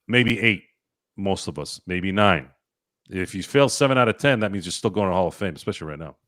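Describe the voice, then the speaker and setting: Blunt guy ranting on a sports podcast, kinda low voice, dry sound, swears a lot. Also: expressive, fairly quick, a bit bright, no room sound. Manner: swears casually. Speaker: podcast co-host. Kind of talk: casual sports podcast chat.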